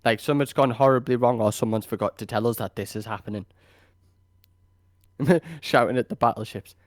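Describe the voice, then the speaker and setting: A man's voice: medium pitch, brisk, no room sound. Swearing British man, dry close mic. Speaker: podcast co-host. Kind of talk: casual chat.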